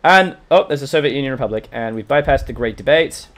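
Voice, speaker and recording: A man's voice: mid-range voice, fast. A man with a mixed British and American accent, hosting a let's-play recorded from a livestream. He reads in-game event text aloud and chats casually with his viewers. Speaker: gaming channel host.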